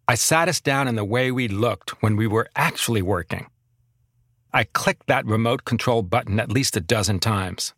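A man narrating his own memoir as a podcast host, reflective and measured. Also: fairly low pitch, a bit bright, no room sound, clean studio sound.

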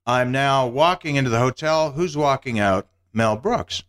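A man's voice: medium pitch, normal speed, a bit bright, smooth. A man who is a guest on a podcast, telling meandering, self-deprecating stories in casual conversation. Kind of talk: casual anecdotal storytelling.

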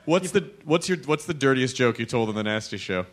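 A man's voice: mid-range voice, lively intonation, a little fast. An American man hosting a podcast, chatting loosely, swearing and laughing readily. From United States. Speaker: podcast host, comedian. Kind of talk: casual podcast chat.

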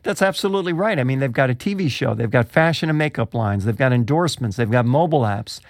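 A man's voice: medium pitch, lively intonation, fast talker, no echo. Inquisitive man in a dry, close sound. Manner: inquisitive, builds questions, laughs easily. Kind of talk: conversational discussion.

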